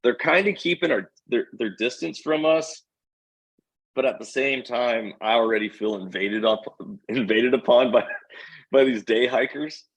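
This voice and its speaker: A man, a podcast guest, telling an animated hunting story and acting out the voices of the people in it. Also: mid-range voice, measured pace, breathy edge, poor audio.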